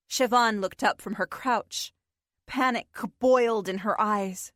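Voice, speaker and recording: Slow, expressive woman narrating a story. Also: medium pitch, no echo, clean studio sound. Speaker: audiobook narrator. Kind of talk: scripted fiction narration.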